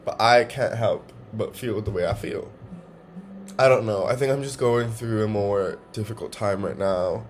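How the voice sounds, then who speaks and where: A young man vlogging from home, talking in a halting, emotional way and swearing often. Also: fairly low pitch, a little hiss or hum. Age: young adult. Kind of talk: confessional personal vlog.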